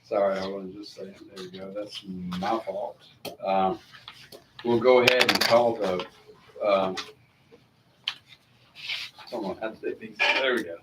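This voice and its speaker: A man's voice: low voice, flat delivery, slow pace, long pauses. Rambling man chairing a meeting. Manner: rambling, apologetic, friendly. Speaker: committee chair. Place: council meeting room. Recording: echoey room, distant mic, faint hiss.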